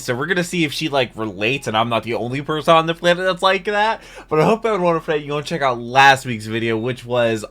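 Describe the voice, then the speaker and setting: Fast-talking, rambling male reaction host. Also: medium pitch, bright, forceful tone. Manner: rambling, chatty, lots of fillers and asides. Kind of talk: casual vlog intro and reaction chat.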